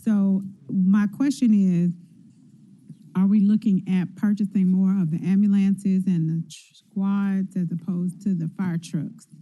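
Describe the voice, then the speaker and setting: At a public budget hearing, a city councilwoman questions officials in a folksy, conversational way, using everyday examples. Her warm, mid-range voice stays level and measured, though the meeting audio is dull and lo-fi.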